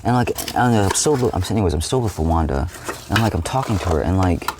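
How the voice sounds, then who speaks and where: A man's voice: sits low, lively intonation, quick pace, noisy background. A young man rambling casually as he recounts a dream, full of "like", restarts and swearing. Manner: rambling, heavy use of "like", frequent swearing and restarts. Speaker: streamer.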